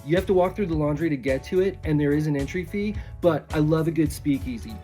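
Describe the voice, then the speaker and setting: A man's voice: on the high side, quick pace, warm tone, faint music behind. A man delivering a chatty comic monologue as a self-absorbed travel influencer, breezy with dry asides. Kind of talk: comedic mockumentary monologue.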